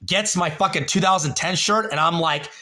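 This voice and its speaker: A man's voice: a little high, normal speed, sharp tone. A young man hosting a livestream, telling a long story in a rambling, profane way with many fillers, and a little tipsy. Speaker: livestream host.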